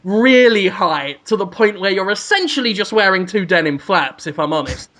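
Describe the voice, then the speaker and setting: Man podcast co-host, deadpan rambling storyteller, ums a lot. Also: sits high, moderate pace. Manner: rambling, deadpan absurd scenario-spinning with frequent ums.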